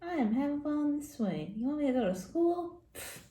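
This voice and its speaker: A woman's voice: sits high, very animated, fairly quick, background noise, pitched above the performer's own voice. Woman doing a whiny, scoffing little boy. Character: grumpy young boy who refuses summer Bible school. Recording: roomy echo.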